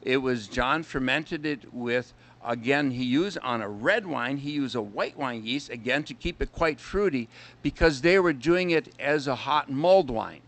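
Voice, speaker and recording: An older Minnesota man who owns a winery chats as a guest on a casual radio interview, his mid-range voice animated, measured in pace, and fairly bright. He's a chatty storyteller who breaks into a jokey song.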